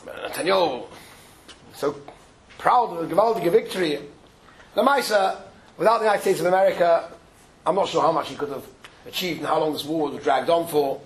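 A rabbi gives an informal Torah talk, speaking conversationally, sprinkling Yiddish and Hebrew terms into his English and acting out the characters' voices in the stories he retells. His voice is on the high side and a little fast, with long pauses, and the audio is poor.

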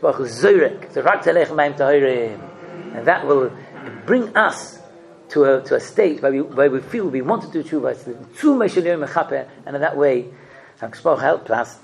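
A man giving a religious sermon, asking rhetorical questions and telling stories with expressive delivery. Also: medium pitch, moderate pace, vocal fry. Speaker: rabbi giving a talk.

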